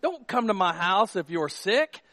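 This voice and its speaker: Animated, jokey high-voiced pastor. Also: male voice, measured pace, no room sound, studio quality. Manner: animated, jokey storytelling with acted asides. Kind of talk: sermon.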